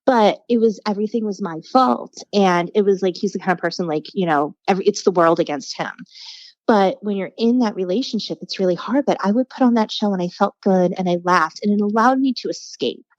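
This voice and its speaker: A woman's voice: medium pitch, fairly quick, dry recording, highs cut off. A woman telling stories as a podcast guest in casual chat, acting out the voices of people she quotes. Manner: animated storyteller, acts out quoted voices.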